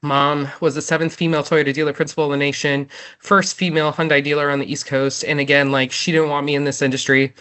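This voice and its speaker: A woman's voice: deep voice, flat delivery, fast talker, fairly bright tone. A woman in her thirties, a guest in an interview, talking from the heart and close to tears, with lots of "like" and "right?". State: tearful. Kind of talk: emotional interview conversation.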